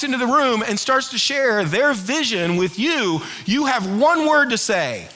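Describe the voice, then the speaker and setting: A middle-aged male pastor preaches with a high, bright voice. He keeps it conversational and lively, pulling the congregation into call-and-response. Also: unhurried, few pauses. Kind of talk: sermon.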